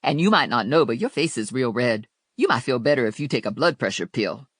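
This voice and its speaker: A woman's voice: a bass voice, lively intonation, brisk, slightly rough, no echo, clean studio sound, exaggerated voice. A narrator voicing a brassy, outspoken woman sidekick with slangy, sassy talk in an audiobook. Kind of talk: audiobook character voice.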